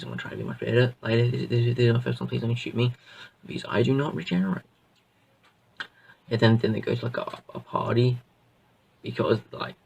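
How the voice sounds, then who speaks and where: A man's voice: lowish voice, creaky, darkish tone, breathy edge, distant mic, rough recording. A man reviewing a show in a casual, rambling way, full of fillers and restarts. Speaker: video reviewer.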